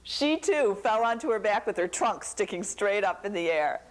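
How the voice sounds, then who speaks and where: A woman telling a folktale to a young audience, animated and asking them questions. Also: medium pitch, normal speed. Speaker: storyteller.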